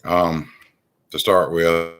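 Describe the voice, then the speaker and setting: Deep, low-pitched male host; exasperated, rambling commentary delivery. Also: flat delivery, extremely slow, fairly bright tone. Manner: rambling, many ums and restarts, exasperated. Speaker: channel host. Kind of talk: political commentary monologue.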